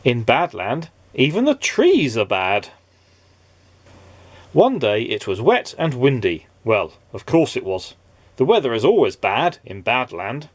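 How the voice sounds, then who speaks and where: Lively man reading a storybook aloud. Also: mid-range voice, a little slow, dry recording. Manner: expressive, playful reading. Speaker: dad reading children's books aloud.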